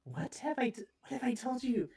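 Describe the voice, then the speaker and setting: A woman's voice: mid-range voice, sing-song, takes it slowly, voice pushed up. A woman voicing a young boy, a magician's assistant, who talks hesitantly with many fillers. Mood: annoyed. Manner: sheepish and hesitant, full of fillers.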